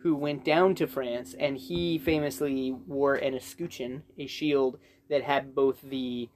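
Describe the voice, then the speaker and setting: A man's voice: mid-range voice, steady tone, a little mellow, slight background noise. A man hosting a casual podcast chat, joking and jumping from topic to topic. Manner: joking, quick to go off on tangents. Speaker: podcast host.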